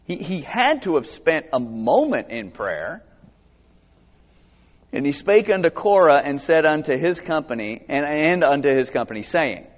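A man's voice: on the high side, normal speed. A man preaching a conversational sermon to a congregation, reading scripture aloud and asking them questions. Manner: animated, expressive, asks the congregation questions. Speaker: pastor. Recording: dull sound with long hall reverb.

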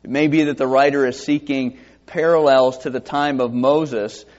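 Delivering an expository sermon, a man speaks at normal speed in a medium-pitched voice, with the highs cut off in the recording. He reads scripture in King James wording verse by verse and asks rhetorical questions, staying animated and lively.

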